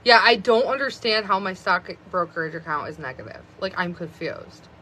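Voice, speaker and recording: A woman of about thirty talks into her phone on a live stream. Her voice is bright and a little sharp, and she rambles casually, stringing thoughts together with frequent fillers of "like.". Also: on the low side, expressive, normal speed, slight background noise. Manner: rambling, chatty, many fillers of "like".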